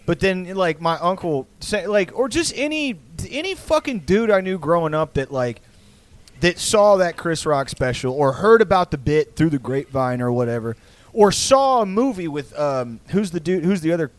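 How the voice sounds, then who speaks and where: A man's voice: a little high, animated, normal speed, dry recording. A man in casual podcast chat, rambling with lots of fillers, swearing and laughing often.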